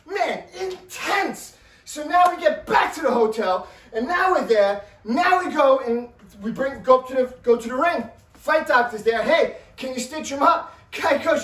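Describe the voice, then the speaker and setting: A man telling a story in a casual, animated way, with loud bursts and a habit of asking "right?". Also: extremely high pitch, normal speed. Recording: roomy, mic at a distance.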